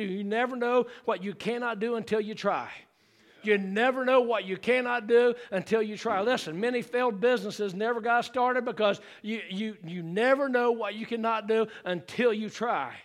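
A male pastor preaching a fervent sermon to his church. He calls for congregational responses and rises into shouted exclamations. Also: high-pitched, moderate pace. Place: church sanctuary.

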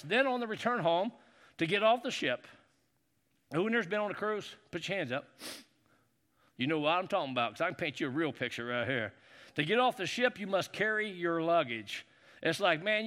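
Older guy preaching, high ringing voice, chatty stories that build up loud. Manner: folksy storytelling, rising to excited preaching. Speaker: pastor. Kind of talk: sermon.

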